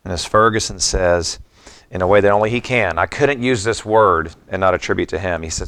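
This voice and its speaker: Middle-aged guy preaching, really low voice, gravelly, chatty and reflective. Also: fairly quick, a bit bright. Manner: reflective, conversational preaching with personal stories. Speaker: pastor. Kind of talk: sermon.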